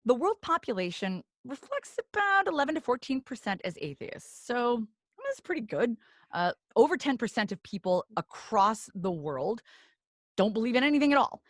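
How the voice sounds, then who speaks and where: A woman co-hosting a podcast in casual chat, playful and quick to laugh. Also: a little high, sing-song, a bit bright, no room sound, clean studio sound. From grew up in a small town. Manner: chatty, laughs often, playful asides. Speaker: podcast co-host. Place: San Francisco.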